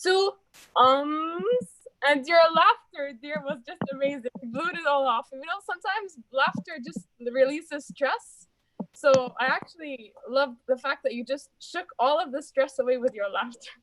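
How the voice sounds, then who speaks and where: High, chatty woman encouraging a club. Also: a little slow, a bit bright, dry recording, poor audio. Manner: chatty, encouraging, calls people dear. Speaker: ah-counter at a speaking club meeting. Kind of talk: friendly report and breathing exercise.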